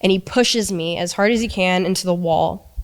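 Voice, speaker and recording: Smooth-voiced young woman telling a hard story. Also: fairly low pitch. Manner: halting, many restarts and quoted dialogue. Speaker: interviewee recounting abuse. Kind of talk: emotional storytelling.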